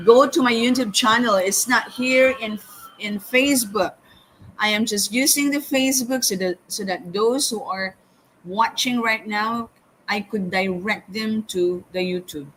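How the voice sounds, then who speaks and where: A woman teaching calculus step by step in a live lesson, often pausing with "okay" and "hang on". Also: medium pitch, fairly bright tone, a little hiss or hum, low-quality recording. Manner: slow, step-by-step explaining with frequent "okay" and "hang on". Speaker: math teacher.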